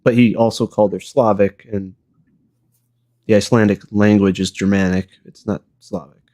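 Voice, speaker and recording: A man with a low voice debating over a call. He stays dry and persistent and repeats his question over and over. He pushes back calmly while the other man gets louder. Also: normal speed. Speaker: debater criticizing the trailer. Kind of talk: online debate.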